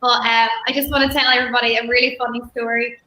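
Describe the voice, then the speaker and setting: A woman guest telling stories in a relaxed chat, laughing often. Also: fairly high pitch, fast, echoey room, slight background noise, poor audio. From Ireland. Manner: chatty storyteller, laughs often. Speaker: guest musician. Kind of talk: casual chat on a live stream.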